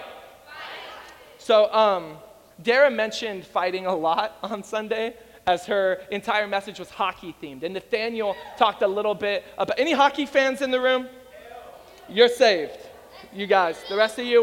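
A man preaching an energetic sermon to a congregation, telling stories and acting out the voices of the people in them. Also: high voice, long reverb tail. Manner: animated storytelling, acts out voices. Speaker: pastor.

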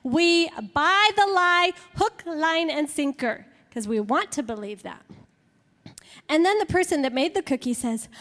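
A woman with a very high voice preaches at an unhurried pace. She stresses each point and acts out little scenes to make it land. Her voice rings with a long hall reverb. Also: lively intonation, fairly bright tone. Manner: slow, emphatic, with playful acted-out examples. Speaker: women's Bible teacher. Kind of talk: sermon.

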